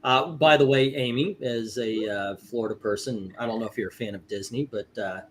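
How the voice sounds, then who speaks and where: A man's voice: mid-range voice, fairly even intonation, a little fast, a little hiss or hum. A man hosting a casual livestream, reading out viewer scores with many fillers and hesitations. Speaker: host.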